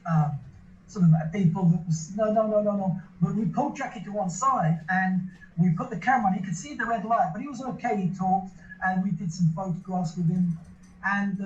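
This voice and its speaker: A man's voice: high voice, moderate pace, a little mellow, a little hiss or hum. A man, interviewed in an echoey room, tells a long story in a loose, rambling way, restarting and repeating his words often. The sound is dull and a little lo-fi. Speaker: interview guest. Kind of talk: casual anecdote telling.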